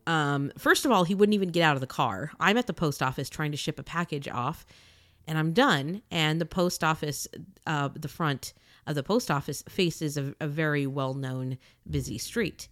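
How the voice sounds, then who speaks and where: A woman retelling a personal story in a casual, animated and indignant way, acting out the other people's lines. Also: deep voice, moderate pace, no room sound, clean studio sound. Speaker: podcaster telling a personal story.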